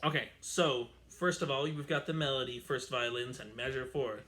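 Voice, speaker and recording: This music teacher's medium-pitched voice is steady, fairly bright, and moderately paced as he runs a string orchestra lesson from home. Recorded on a camera mic, he counts and sings rhythms aloud while chatting with fillers.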